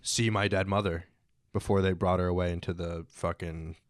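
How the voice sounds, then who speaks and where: A man's voice: low voice, level tone, moderate pace, no room sound, studio quality. A young man co-hosting a casual podcast, laid-back and laughing his way through a grim story. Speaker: podcast co-host. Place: podcast recording room.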